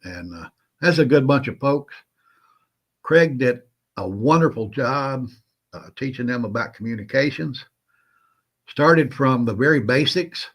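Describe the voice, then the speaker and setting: A man with a Southern drawl hosts a relaxed livestream. He calls out viewers by name in a folksy, chatty way, and his voice sits at an everyday middle pitch. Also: measured pace, pauses often. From Southern United States. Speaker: host of a prepping livestream. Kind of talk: casual livestream chat.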